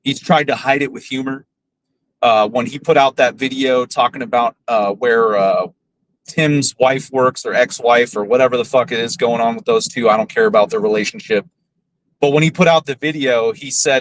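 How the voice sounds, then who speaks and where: A man's voice: mid-range voice, moderate pace, low-quality recording. A man hosting a podcast, ranting bluntly and profanely with scorn. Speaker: podcast host. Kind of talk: casual ranting commentary.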